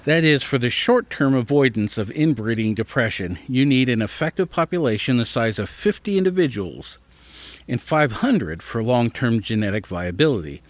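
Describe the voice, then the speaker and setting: A man's voice: medium pitch, animated, moderate pace, no room sound. A man reading an article aloud and adding his own thoughts, sometimes stumbling over hard words. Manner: reads aloud, then breaks off to muse and stumble over words. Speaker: podcast host.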